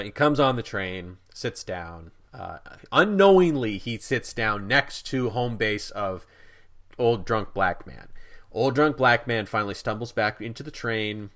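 A man co-hosting a podcast, telling a story in a casual, animated way with many asides. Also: lowish voice. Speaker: podcast co-host.

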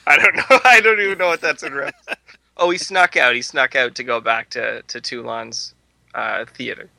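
Bright-voiced joking male podcaster. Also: mid-range voice, measured pace, vocal fry, long pauses, no echo, rough recording. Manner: joking, crude, laughs often. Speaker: podcast host. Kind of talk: casual movie review chat.

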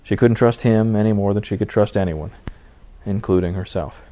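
A man reading a novel aloud as its narrator, in steady storytelling. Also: lowish voice, moderate pace. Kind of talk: audiobook narration.

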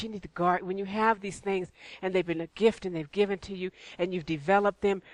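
A woman's voice: fairly low pitch, dry recording. A woman preaching in church, conversational and repetitive, with rhetorical questions. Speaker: church speaker. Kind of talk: sermon.

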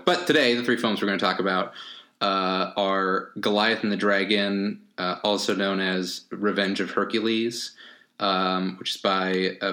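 A man's voice: low-pitched, pushed and bright. A man hosting a casual podcast, talking in a laid-back, hesitant way with lots of fillers. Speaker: podcast host.

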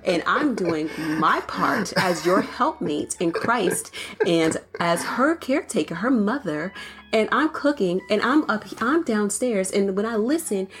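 A woman telling a family story in casual conversation, animated and laughing as she goes. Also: medium pitch, measured pace. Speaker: co-host, mother.

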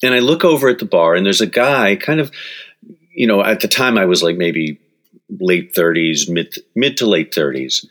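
A man in his sixties speaks in a deep, low voice as an author being interviewed. He tells personal stories with lots of energy, breaks into laughter often, and acts out what other people said. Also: expressive, moderate pace, a bit bright. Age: 60s. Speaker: author and guest. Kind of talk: storytelling in interview.

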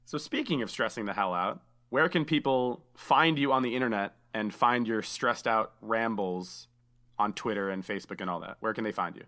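A man's voice: on the low side, normal speed, bright, forceful tone. A man hosting a casual podcast, chatty and enthusiastic, saying dude a lot. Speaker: podcast host.

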